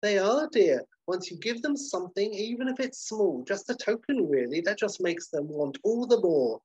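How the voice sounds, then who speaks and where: A man's voice: sits high, animated, moderate pace, darkish tone, husky, no room sound, lo-fi sound, voice pushed up. A man voicing prim, gossiping elderly ladies who are over sixty. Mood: gossipy.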